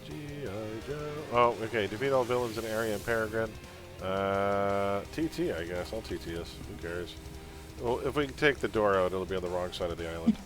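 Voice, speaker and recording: A man's voice: fairly low pitch, a little fast, music in the background. A man chatting casually while live-streaming a game, laughing often and drifting into pop-culture tangents.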